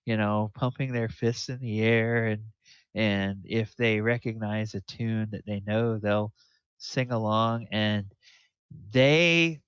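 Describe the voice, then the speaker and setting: A man hosting and narrating a tabletop game as dungeon master, describing scenes in a rambling, halting way. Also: on the low side, steady tone, a bit bright, clear, resonant tone, no room sound, highs cut off.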